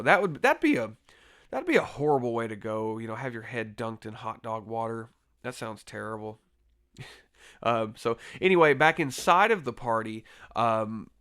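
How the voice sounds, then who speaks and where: A man's voice: mid-range voice, fairly bright tone, clean tone. A man casually reviewing a horror film, rambling with lots of fillers and restarts and laughing easily. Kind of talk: casual spoken movie review.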